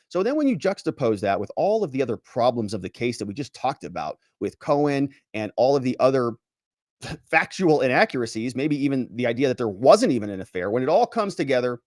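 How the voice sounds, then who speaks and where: A man hosting a solo legal commentary show, animated and sarcastic as he reads and picks apart a letter. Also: medium pitch, no echo, clean studio sound. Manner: animated and sarcastic, mocks quoted officials in pompous voices. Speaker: lawyer commentator, show host.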